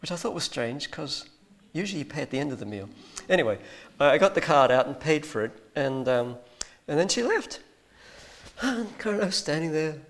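A man with a fairly high, fairly quick voice and big pitch swings shares a personal testimony. His story carries a spiritual point, told in a rambling, hesitant way with many ums and restarts.

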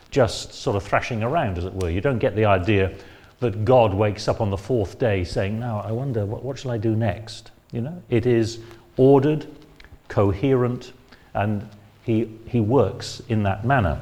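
Measured, lower-voiced male preacher. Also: darkish tone. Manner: measured, explanatory, frequent "uh" and "um" fillers. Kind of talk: expository Bible sermon.

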